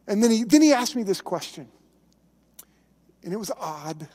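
Male pastor, high voice, casual storytelling sermon, long hall reverb. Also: sing-song, normal speed, warm tone. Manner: conversational, emphatic preaching with storytelling.

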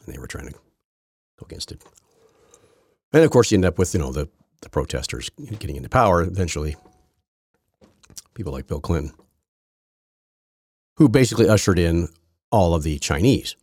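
Male podcast host, low husky voice, lively pitch, sarcastic rambling delivery. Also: normal speed, long pauses, dry recording, studio quality. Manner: rambling, sarcastic, frequent restarts. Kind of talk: casual political commentary.

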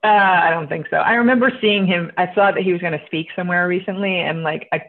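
A woman entrepreneur tells a story in casual conversation, lively and blunt, voicing the people in it. Her voice sits a little low. The sound is narrow and tinny, like a phone line. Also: fast talker. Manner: animated, acts out quotes, swears casually. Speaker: guest entrepreneur.

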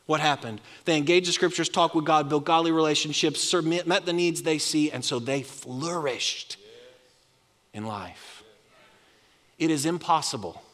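Man, pastor, sermon, call-and-response, slightly high voice, long hall reverb. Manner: animated preaching, leads congregation in call-and-response. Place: large church hall.

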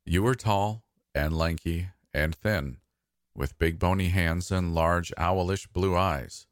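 A man narrating a scripted first-person horror story in a soft, intimate, slow manner. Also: deep voice, fairly even intonation, no echo, clean studio sound.

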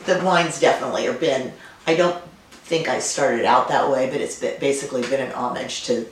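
Middle-aged woman guest, low voice, recorded far from the mic in an echoey room. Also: a little fast. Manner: warm storytelling with frequent fillers and restarts. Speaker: winemaker guest. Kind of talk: casual conversational interview. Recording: roomy and distant, faint noise.

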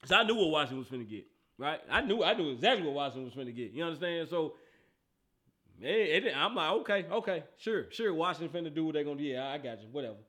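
High bright-sounding guy doing a sports talk rant, aave, teasing, repeating himself, laughing a lot. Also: lively intonation, fast talker.

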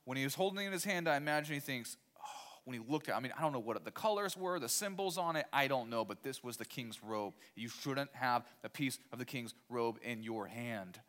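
A man preaches a sermon in a voice of ordinary middle pitch. He leans hard on his main points and repeats key phrases. He keeps turning to his listeners with rhetorical questions. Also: expressive, brisk, hardly any pauses, fairly bright tone. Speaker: pastor.

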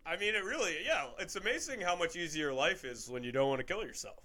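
A young man co-hosting a casual comedy podcast, laughing often and jumping into high quoted voices. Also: expressive, fast, crowd noise.

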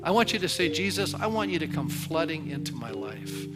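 A man's voice: fairly high pitch, very animated, fairly quick. A man preaching as a pastor, earnest and pleading, repeating phrases as he leads an altar call. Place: church sanctuary. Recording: loud music under the voice. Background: music.

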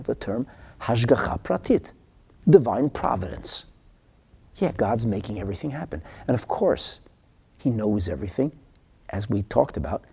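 A man teaching a husky voice that swings widely in pitch, rising high when stressing a point and sinking to a hushed whisper. He mixes in in style, sounding like a spirited study-hall lecture. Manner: animated, drops to whispers for emphasis. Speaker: Torah teacher. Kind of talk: lecture on a religious text.

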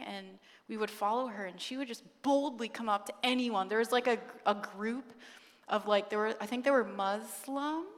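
A young woman giving a sermon testimony, telling her story with lively energy, acting out quotes and laughing often. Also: mid-range voice. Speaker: guest speaker. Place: church sanctuary. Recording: long church hall reverb.

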